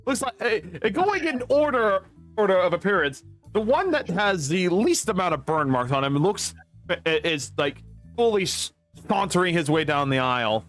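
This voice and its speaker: A man running a tabletop game as game master, narrating in an animated, halting way with many restarts. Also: sits high, faint music behind.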